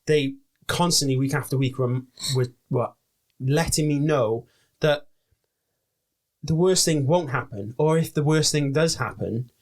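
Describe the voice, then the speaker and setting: A man's voice: medium pitch, unhurried. A young man from Wales co-hosting a podcast, chatting casually, swearing freely and restarting his sentences often. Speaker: podcast co-host. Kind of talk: casual chat.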